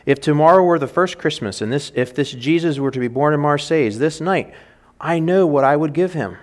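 A man reading as a gentle old cobbler. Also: a little high, brisk, pitched above the performer's own voice, natural voice. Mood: wistful. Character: kindly old male cobbler, humble and gentle.

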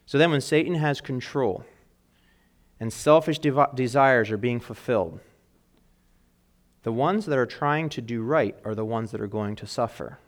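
A man preaching a sermon in an earnest way, rising in emphasis and dropping to quiet asides, and reading scripture aloud with weight. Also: mid-range voice, normal speed, pauses often. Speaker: pastor.

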